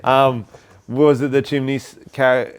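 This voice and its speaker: A man's voice: mid-range voice, flat delivery, a little slow, smooth. A man hosting a podcast, blunt and joking, swearing freely in casual banter. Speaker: podcast host.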